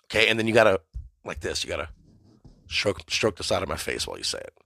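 Man ranting in a lively, rambling voice. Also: sits low, fast talker, vocal fry, no echo, studio quality. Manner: mock-ranting, profane, deadpan absurd. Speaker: podcast host. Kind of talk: rambling comedic monologue.

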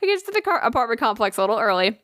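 A woman's voice: fairly high pitch, rapid-fire, no echo, clean studio sound. A woman telling a long story in casual chat, swearing freely and acting out what people said. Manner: animated storytelling, frequent swearing, acts out quoted dialogue.

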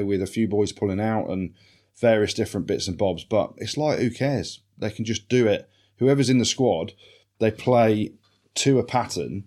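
An English man co-hosting a sports podcast, animated and swearing freely in casual banter. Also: lowish voice. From England. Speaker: podcast co-host.

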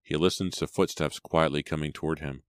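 Very deep-voiced male audiobook narrator. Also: fairly even intonation, a little fast, smooth, no echo, studio quality. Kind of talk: scripted narration.

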